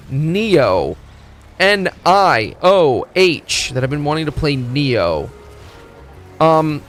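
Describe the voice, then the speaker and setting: A man streaming a video game, talking in a rambling, excitable, profane way as he plays. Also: a little high. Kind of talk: casual gaming commentary. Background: faint game music.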